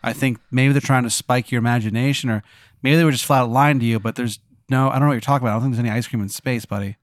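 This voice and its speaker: A man playing his character in a comedic role-play game, incredulous and deadpan, full of questions. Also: mid-range voice, very fast, no room sound, studio quality. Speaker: player.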